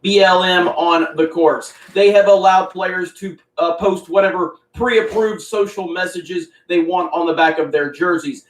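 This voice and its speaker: A man's voice: high voice, steady tone, a little slow, hardly any pauses. A man delivering scripted political commentary in a firm, dismissive tone. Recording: roomy echo, distant mic.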